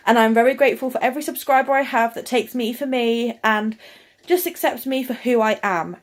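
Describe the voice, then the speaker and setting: A young woman vlogging, ranting bluntly and heatedly to camera, with frequent swearing. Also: fairly high pitch.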